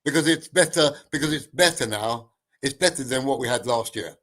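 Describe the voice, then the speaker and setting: A man co-hosting a podcast, arguing his point calmly and persistently. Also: mid-range voice, a little fast. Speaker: podcast co-host. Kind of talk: casual podcast debate.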